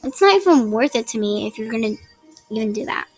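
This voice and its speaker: Soft music plays behind a gaming channel host whose slightly high, breathy voice moves fairly quickly with lively intonation. She gives casual gameplay tutorial tips in a rambling, chatty way with apologetic asides, using a laptop's built-in mic at a home desk with a ring light.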